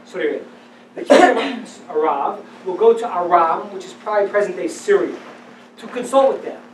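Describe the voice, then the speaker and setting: A man teaching as a rabbi, giving a lecture on religious texts to a live audience. He speaks with animated emphasis, dropping to hushed tones and then rising to loud declarations. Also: high-pitched, brisk, slight background noise. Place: event hall with audience. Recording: roomy, distant live-event recording.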